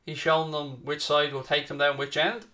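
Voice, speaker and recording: A man's voice: fairly high pitch, little pitch movement, normal speed, pushed and bright. A young man hosting a live football watchalong, chatting casually and answering viewers by name. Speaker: watchalong host. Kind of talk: live stream commentary and chat.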